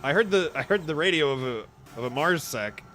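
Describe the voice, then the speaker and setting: A man's voice: a little high, animated, a little fast, sharp tone, a little hiss or hum. A young man chatting casually and laughing while streaming a game. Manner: goofy, laughing, quoting cartoon lines in silly voices. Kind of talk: casual gaming stream chat.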